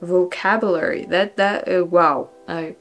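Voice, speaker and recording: A woman's voice: fairly low pitch, unhurried. French woman with light music behind. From France. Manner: animated, repeats words with questioning tone, laughs often. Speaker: vlogger. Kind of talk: casual pronunciation practice.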